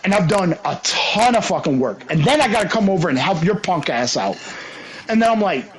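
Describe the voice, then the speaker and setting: A man's voice: high-pitched, very animated, a little fast, a little hiss or hum, low-quality recording. A young man streaming a game, telling a story in a heated, profane, ranting way. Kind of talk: casual storytelling while gaming.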